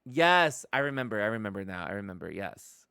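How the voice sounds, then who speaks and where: Excitable woman streamer, bright voice. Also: extremely low pitch, brisk, clean tone, no room sound. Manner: excitable, laughs often, chatty with viewers. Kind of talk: casual live-stream commentary.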